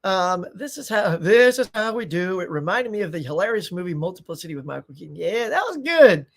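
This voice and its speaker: A middle-aged American man hosts a live stream, talking fast in a high-sitting voice. He rambles in casual chat, reads viewer comments aloud, and throws in playful asides.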